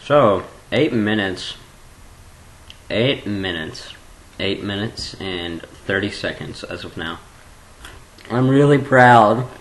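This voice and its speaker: A man's voice: lowish voice, animated, slow pace, pauses often, fairly bright tone, low-quality recording. Goofy, rambling male vlogger at a webcam. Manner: goofy and random, jumping between mumbling and squealing.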